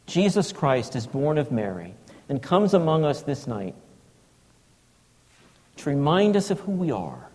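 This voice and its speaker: A man preaching a sermon, slow and reflective, sometimes dropping to a hushed, breathy tone. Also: a little high, sing-song, in a large hall.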